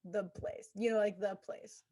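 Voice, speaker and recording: A woman's voice: medium pitch, fairly even intonation, a little slow, mellow. A woman hosting a podcast in casual chat, giggling and eagerly agreeing. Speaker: podcast host.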